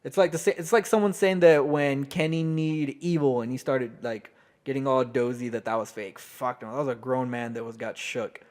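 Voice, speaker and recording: A man co-hosting a casual podcast chat, his voice sitting at an everyday middle pitch. He tells his stories earnestly and with plenty of swearing. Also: steady tone, moderate pace, darkish tone. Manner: heartfelt, profane storytelling. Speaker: podcast co-host.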